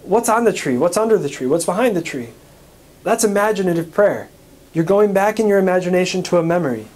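A man's voice: sits high, expressive, a little fast, a little mellow. An American man, a priest, recapping a parish teaching talk in a conversational way, asking questions and answering them himself.

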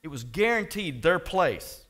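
A male pastor preaching a sermon, swinging between quiet asides and loud, impassioned lines and talking directly to his congregation. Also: fairly high pitch, sing-song, measured pace.

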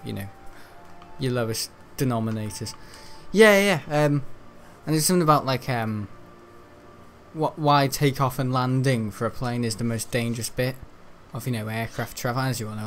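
A man's voice: mid-range voice, normal speed, faint music behind. A teenage young man giving rambling, chatty let's-play commentary while he plays, often laughing. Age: teens. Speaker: gaming video host.

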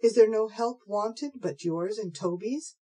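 A woman's voice: medium pitch, unhurried, mellow, husky, pitched above the performer's own voice. A woman voicing a scheming old male fence who fawns and keeps saying "my dear", in a storybook reading. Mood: eager. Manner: fawning, calls everyone "my dear".

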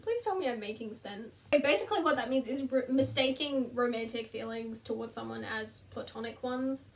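High young woman, chatty vlog, self-deprecating, slightly distant mic in a bedroom. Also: brisk, creaky. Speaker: vlogger. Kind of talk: casual chat to camera. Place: bedroom, sitting on the floor between two beds.

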